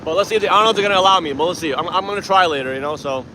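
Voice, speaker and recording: A man's voice: high-pitched, very fast, noisy background. A young man from Iran livestreaming from a street protest on a handheld phone, chatting boastfully and combatively with his viewers. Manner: boastful and combative, addresses chat directly. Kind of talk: casual livestream chat.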